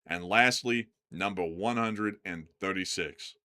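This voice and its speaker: A man hosts a casual livestream news rundown, joking as he goes and tripping over his words. His voice is bright and forceful. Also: deep voice, a little slow. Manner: jokey, loose, stumbles over words. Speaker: host of a war news livestream.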